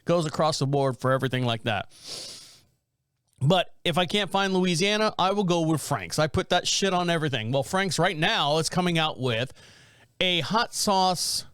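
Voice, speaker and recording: A man in his thirties chats alone on his podcast, rambling and poking fun at himself. His voice sits a bit high. The recording is close and dry, with no room sound. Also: animated, moderate pace, fairly bright tone, clear, resonant tone, no room sound. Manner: rambling, jokey, self-mocking asides. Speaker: podcast host. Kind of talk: casual solo podcast chat.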